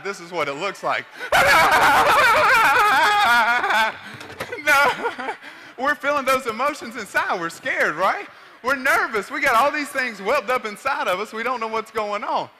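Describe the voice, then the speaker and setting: A man with a Southern country accent giving an energetic motivational keynote, shouting and leading the crowd in call-and-response. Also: sits high. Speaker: motivational speaker. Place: large hall. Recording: echoey large hall with faint room noise.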